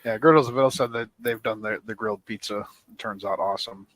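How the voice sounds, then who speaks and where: A man's voice: fairly low pitch, steady tone, a little fast, a bit bright, no room sound, low-quality recording. A man co-hosting a casual live chat, reading out viewer comments in an upbeat, jokey way.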